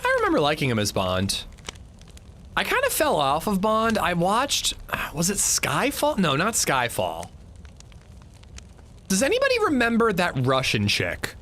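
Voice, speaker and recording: A man's voice: high voice, huge pitch swings, a little slow, pauses often, a bit bright, slight background noise. A man streaming a game, casually chatting with his viewers and swearing when something annoys him. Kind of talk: casual livestream chat while gaming.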